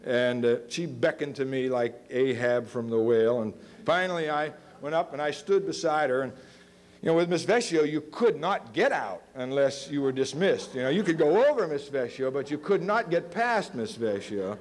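Fifty-ish guy lecturing in an auditorium, lively storyteller, mid-pitched voice, does all the voices. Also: normal speed. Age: about 50. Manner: animated, acts out quoted voices. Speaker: guest lecturer. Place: university auditorium.

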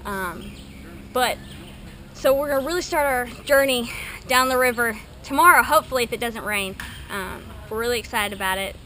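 A woman gives a casual trip update outdoors by a lake, chatty and full of ums. Her voice is a little high. Steady outdoor noise sits behind her. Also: normal speed. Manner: chatty, many fillers. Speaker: canoe trip participant. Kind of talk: casual video diary. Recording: noisy outdoor camera audio.

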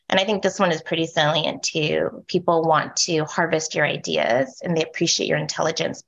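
A woman moderating a panel discussion, speaking softly with a lilt that rises at the end of her sentences and checking in often with "right?". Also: low-pitched, gravelly, lo-fi sound. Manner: soft voice with rising lilt at sentence ends; frequent "um" and "right?" check-ins.

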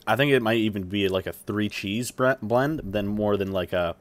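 A man's voice: on the low side, moderate pace. A young man chatting casually through a food review vlog while he eats, rambling with lots of fillers and appreciative hums. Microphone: streaming setup mic.

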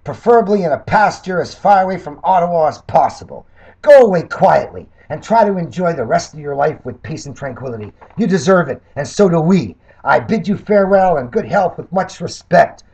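A man's voice: animated, a little fast, husky. An older Canadian man and political candidate, delivering a sarcastic, combative monologue that reads out and rebuts his critics. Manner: combative, mocking, swinging between loud jabs and low mutters.

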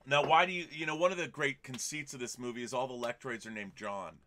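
Bright-voiced enthusiastic male host. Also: mid-range voice, steady tone, quick pace. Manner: enthusiastic, digressive, talks in long run-on thoughts. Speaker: podcast host. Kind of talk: casual movie chat.

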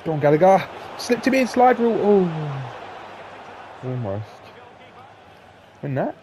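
Excitable sweary gamer man. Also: sits high, a little slow, slight background noise. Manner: excitable, sweary, swings from shouting to flat grumbling. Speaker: gaming YouTuber. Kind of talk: live gameplay commentary.

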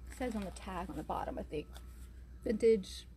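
A woman's voice: medium pitch, moderate pace, warm tone, a little hiss or hum. A woman shop owner chatting through a live shopping sale in a vintage store, announcing item numbers and prices while she is losing her voice. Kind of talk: live shopping sales pitch.

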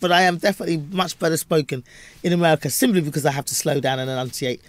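A woman comedian from London with a Cockney accent, an animated storyteller who acts out voices as an interview guest. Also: sits low, very fast. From London, England. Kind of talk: interview chat.

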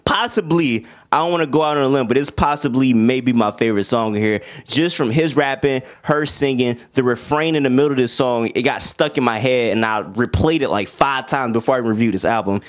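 A young man giving a casual, animated album review in heavy slang, breaking into bits of song along the way. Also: mid-range voice, fairly quick, hardly any pauses. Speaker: music reviewer.

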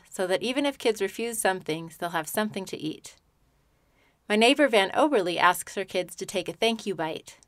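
Chatty mom hosting a podcast, dry close sound. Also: female voice, medium pitch, fairly bright tone, no echo. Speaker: podcast host. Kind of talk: scripted podcast narration.

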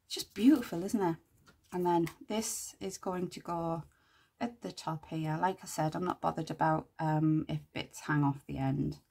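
Slow husky gravelly woman crafter. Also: low voice, darkish tone, a little hiss or hum. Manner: chatty, thinks aloud while working, mutters asides to herself. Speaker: craft channel host. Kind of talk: casual crafting tutorial chat.

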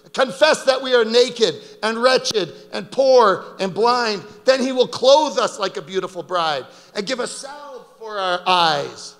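Man, guest preacher, high voice, loud and joking, long reverb. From Canada. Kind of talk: fiery sermon. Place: large conference hall.

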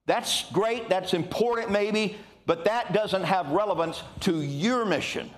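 An older man preaching a sermon in a lively, conversational way, with frequent asides to the congregation. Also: high voice, unhurried, few pauses.

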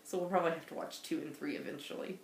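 A woman co-hosting a casual knitting podcast with her daughter, chatty and quick to laugh as she tells stories. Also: low-pitched, fairly even intonation, vocal fry. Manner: chatty, giggly storyteller. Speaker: podcast co-host, mother. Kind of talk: casual chat. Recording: roomy echo.

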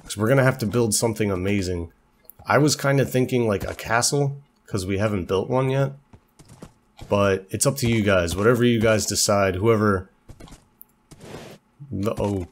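A young let's play host casually commentates a game, chatty and jokey, talking to his horse and easily startled while feeling a bit unwell. His voice is fairly low, at a moderate pace with long pauses, and there's a little hiss or hum.

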